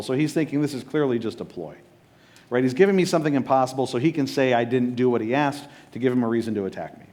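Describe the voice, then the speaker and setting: A man's voice: mid-range voice, fast talker, darkish tone. A man preaching a sermon as pastor, casual and joking, often checking in with his listeners.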